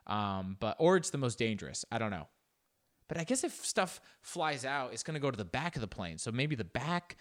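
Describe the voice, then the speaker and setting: A man talks through a news clip in loose, casual commentary. His pitch swoops up and down as he jokes and slips into exaggerated squeaky voices. He speaks at a middle pitch for a man. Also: fairly quick. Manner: animated, joking, jumps into exaggerated high-pitched voices. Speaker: reaction video host.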